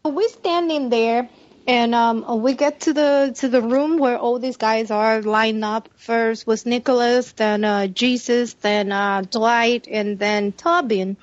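A woman with a high voice tells an animated story in casual podcast chat, laughing often as she talks. The sound is dry and close, with a dull, lo-fi tone. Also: takes it slowly, no echo. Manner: animated, laughs often while telling stories. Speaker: podcast co-host.

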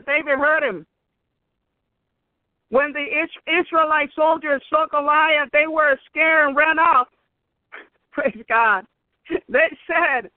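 A woman's voice: high voice, dry recording. A woman whose first language is Spanish preaches, reading a Bible story aloud and breaking in with exclamations of praise and laughter. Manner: exclaims praise and laughs between read passages. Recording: tinny phone line.

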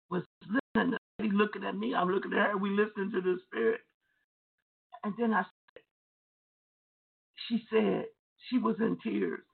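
Deliverance minister, testimony preaching, emphatic and repetitive, husky voice, tinny phone-like sound. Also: mid-range voice. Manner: repetitive, emphatic storytelling with restarts.

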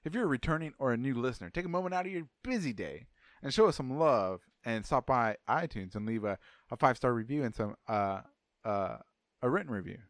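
A man's voice: mid-range voice, animated, fairly quick, dry recording, studio quality. Laid-back joking man co-hosting a podcast. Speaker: podcast co-host. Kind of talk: casual chat.

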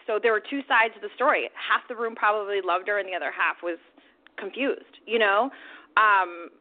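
A woman co-hosting a talk podcast, telling stories in a lively, animated way. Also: mid-range voice. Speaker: podcast co-host. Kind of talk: casual chat, storytelling. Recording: tinny phone-like sound.

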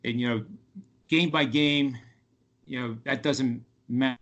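In a muffled recording, a man with a steady, mid-range, slightly bright voice guests on a radio podcast to discuss sports betting. He's casual and halting, with lots of fillers and restarts.

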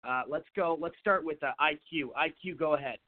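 A man hosts a talk radio show in a fairly high voice, blunt and emphatic in his opinions. The sound is thin and narrow, like a phone line. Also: fairly quick.

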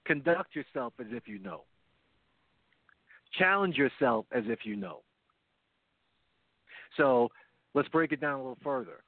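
A man's voice: medium pitch, expressive, measured pace, long pauses, dry recording. A man co-hosting a recovery talk show, explaining in an earnest way with many repeated phrases, heard over a phone line. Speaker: podcast co-host. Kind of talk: casual radio show talk. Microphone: phone line, not his headset.

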